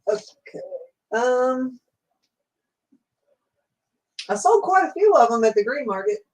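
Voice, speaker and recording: A woman's voice: sits high, expressive, moderate pace, a little mellow. Chatty Southern woman hosting a livestream. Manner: chatty, rambling, laughs often, reads viewer comments aloud. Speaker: livestream host. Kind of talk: casual livestream chat. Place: home room at night.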